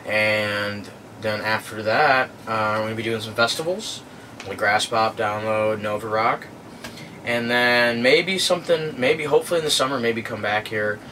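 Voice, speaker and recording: Man, bright lowish voice, loose rambling answers, slightly distant mic, faint background hum. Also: moderate pace. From born in London, raised in the US. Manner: relaxed, rambling with many fillers. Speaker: band guitarist. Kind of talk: casual interview answers.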